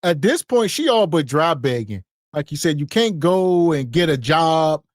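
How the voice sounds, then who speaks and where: A man's voice: a little high, expressive, unhurried, dry recording, studio quality. A man co-hosting a podcast, explaining things in a wry, matter-of-fact way. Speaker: podcast co-host. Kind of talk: casual podcast commentary.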